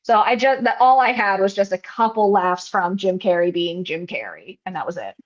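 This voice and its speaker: A woman's voice: mid-range voice, moderate pace, muffled recording. A woman co-hosting a casual movie-review podcast, chatty and giggly, often trailing off. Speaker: podcast co-host.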